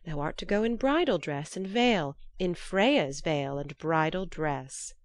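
A woman's voice: sits low, lively intonation, unhurried, dry recording. A woman doing Loki, a sly trickster god. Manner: sly, mocking. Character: cunning scheming male trickster god.

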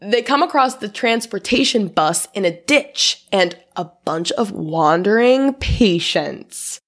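A woman's voice: mid-range voice, animated, slow. Chatty woman recapping a movie. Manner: chatty, laughs often, reads from her notes. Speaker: podcast co-host. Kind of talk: casual podcast movie recap.

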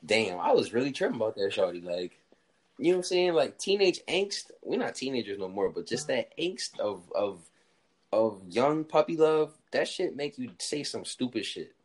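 Animated young man in casual chat. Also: moderate pace. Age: young adult. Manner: animated slangy storytelling, jumps into high voices for quotes.

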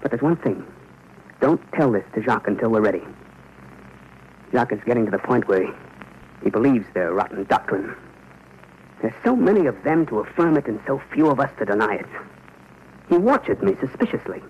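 A man's voice: medium pitch, sing-song, normal speed, long pauses, slight background noise, natural voice. A man playing an anguished, pleading father. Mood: urgent planning. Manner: earnest, pleading and strained. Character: anguished middle-aged father under occupation. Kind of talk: 1940s radio acting. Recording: muffled old radio broadcast.

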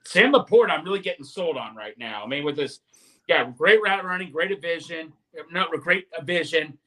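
A man's voice: on the high side, lively intonation, normal speed, a bit bright. A man co-hosting a sports podcast in casual chat, eager and a bit defensive. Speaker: podcast co-host.

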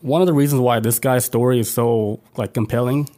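A man's voice: mid-range voice, steady tone, fairly quick, dark tone. A man co-hosting a podcast, talking loosely and profanely with lots of filler words. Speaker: podcast co-host. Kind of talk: casual chat.

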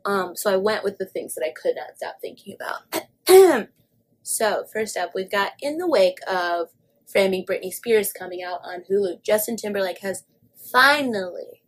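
A woman with a slightly husky voice co-hosts a casual podcast. She chats loosely about celebrity news, full of "like" and "you know", and swears freely. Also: medium pitch. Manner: chatty, filler-heavy, swears freely. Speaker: podcast co-host. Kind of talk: casual pop-culture chat.

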